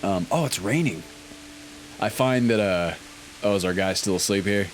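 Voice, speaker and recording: A man commenting casually on a video game playthrough, relaxed and thinking aloud with frequent ums. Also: fairly low pitch, normal speed, faint music behind. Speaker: gaming YouTuber. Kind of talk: let's play commentary.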